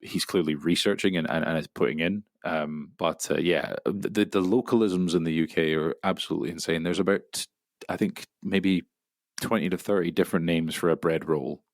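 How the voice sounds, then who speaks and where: A man's voice: low-pitched, steady tone, normal speed, dry recording, studio quality. A man, a voice actor, chatting casually in an interview and often stumbling over repeated words. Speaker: voice actor guest.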